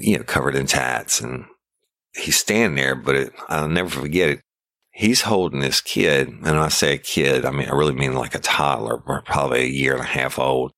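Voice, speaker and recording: A middle-aged man tells a story in blunt, salty, plain talk. His voice sits extremely low and gravelly, yet the tone cuts through sharp and forceful. The recording is dry and close. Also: no room sound. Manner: blunt, profane, vivid storytelling with radio-code recall. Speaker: former sheriff's deputy telling a story. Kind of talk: casual storytelling.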